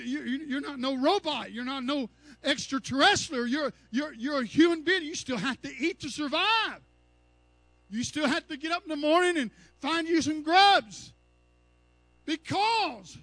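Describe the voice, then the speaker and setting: A man preaching an impassioned sermon, his voice rising at times into cries and shouts. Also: extremely high pitch, animated, unhurried, dry recording.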